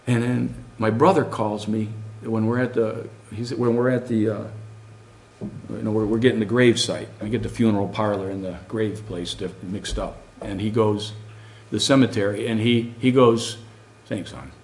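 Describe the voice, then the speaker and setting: A middle-aged man preaching a sermon, animated and full of rhetorical questions to the congregation. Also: on the low side, normal speed.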